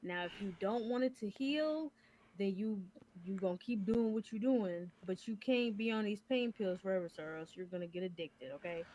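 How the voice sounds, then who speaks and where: A woman playing a calm, polite female doctor in a game role-play, pausing with ums now and then. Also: medium pitch, dry recording, natural voice. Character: patient female doctor at a clinic.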